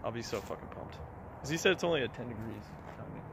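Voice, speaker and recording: Young man, car vlog host, casual excited chat, swears freely, mid pitch, faint outdoor noise behind. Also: fast. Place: outdoors at a garage and dyno shop.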